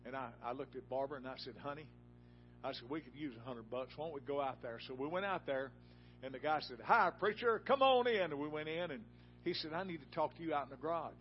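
A man preaching a sermon in a church, telling a folksy personal story that rises to loud, emphatic peaks. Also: medium pitch, fast talker, dull audio, faint music behind.

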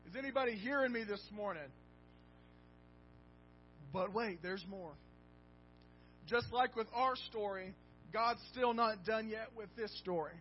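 A male pastor preaches a storytelling sermon, emphatic and calling out for responses. His voice sits very high. The recording is dull and lo-fi, with faint music underneath. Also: unhurried, pauses often.

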